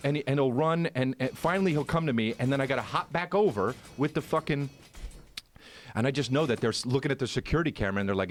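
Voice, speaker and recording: A man's voice: medium pitch, quick pace, slight background noise. A man who is a comedian, chatting casually and telling a story with lots of swearing. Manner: animated storytelling, swearing freely. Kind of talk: casual chat.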